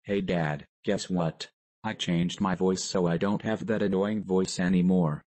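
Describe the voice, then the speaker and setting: A small boy with a new voice in a computer-voiced cartoon, spoken by a very deep synthetic male voice. The delivery is flat and mechanical. The sound is dry and close. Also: a little slow, no room sound. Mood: pleased. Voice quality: synthetic text-to-speech voice. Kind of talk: text-to-speech animated skit.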